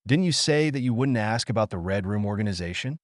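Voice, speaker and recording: A man's voice: fairly low pitch, animated, quick pace, no echo, clean studio sound, natural voice. A man voicing a defiant young female spy held captive, in a cold, resistant manner in an audiobook.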